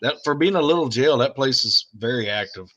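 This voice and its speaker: A man's voice: medium pitch, animated, brisk, a bit bright, muffled recording. Matter-of-fact, teasing man. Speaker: paranormal investigator guest. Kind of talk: casual podcast chat.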